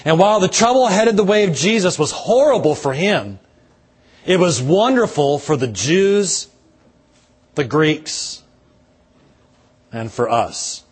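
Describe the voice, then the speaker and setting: A man, a pastor, delivering a slow, measured sermon with dramatic pauses and a husky voice. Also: fairly high pitch, big pitch swings.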